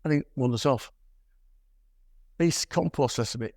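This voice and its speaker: A man's voice: medium pitch, normal speed, long pauses, a little mellow, no echo. An older man gives a chatty slide talk to a camera club, telling stories with dry, wry humour. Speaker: guest presenter at a camera club. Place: club meeting room.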